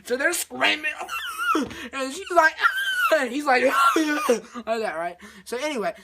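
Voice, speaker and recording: A man's voice: very high-pitched, huge pitch swings, moderate pace, shouting, very noisy. A male vlogger retelling a movie in a rambling, repetitive way, acting out scenes with sound effects.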